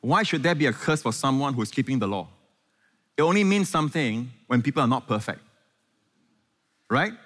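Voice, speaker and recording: A man's voice: mid-range voice, lively intonation, fairly bright tone. Male pastor, mid-range voice, engaging call-and-response sermon, recorded in a reverberant church hall. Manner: engaging, quizzes the congregation with quick questions. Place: large church hall before a congregation. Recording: echoey hall.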